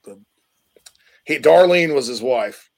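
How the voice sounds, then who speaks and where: Gravelly-voiced man in casual chat. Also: mid-range voice, takes it slowly. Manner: animated, playfully tries out accents. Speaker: sports talk co-host.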